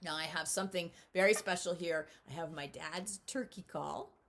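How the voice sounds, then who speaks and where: Woman, middle-aged, gravelly, friendly kids' lesson, animated, talking from home. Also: on the low side, normal speed. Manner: animated, talks straight to kids, imitates owl calls. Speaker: children's author teaching at-home learners. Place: home, indoors.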